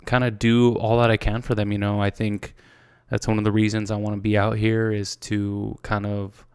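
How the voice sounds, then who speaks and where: A laid-back American man in his mid-twenties hosts his own podcast, chatting loosely with plenty of "dude" and cursing, sometimes getting tearful. His voice is on the low side, smooth and clear, with little rise and fall. The recording is close and dry, with no room sound. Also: completely flat delivery, moderate pace, darkish tone, no echo. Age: 20s. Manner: casual, swears a lot, says "dude" often; gets tearful and emotional. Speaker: podcast host. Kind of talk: casual solo podcast talk.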